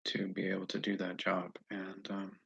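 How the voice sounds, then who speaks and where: A deep-voiced man with a gravelly, husky tone talks in a flat, even line. He rambles and restarts as he speaks to his viewers. The sound is dull and lo-fi. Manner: halting, rambling, with repeated restarts. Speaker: self-styled presidential hopeful. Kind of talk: casual monologue to camera.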